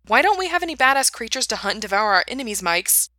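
A woman reading a story, voicing a brash, hot-tempered young man who swears and shouts. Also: lowish voice, steady tone, normal speed, dry recording, studio quality. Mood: furious. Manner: loud and explosive, then sulky.

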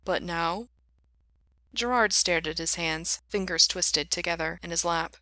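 A woman reads a story aloud in an even, unhurried voice. Her voice is low but bright and forceful. The recording is dry and close. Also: no echo. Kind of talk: reading fan fiction aloud.

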